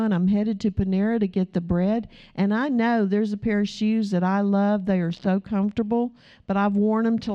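Mellow-voiced woman preaching conversationally. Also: medium pitch. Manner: chatty and storytelling, with asides to the congregation. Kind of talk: conversational sermon. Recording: dull lo-fi recording.

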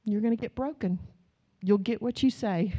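A middle-aged woman pastor, preaching a sermon with stories, swinging from low asides to loud exclamations. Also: normal speed, highs cut off. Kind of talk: sermon with storytelling.

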